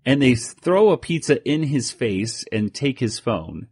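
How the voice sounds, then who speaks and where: A man co-hosting a podcast in casual chat, rambling through a comic recap and jumping into higher voices for quoted lines. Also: lively intonation, unhurried, hardly any pauses, husky, no room sound, studio quality. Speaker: podcast co-host.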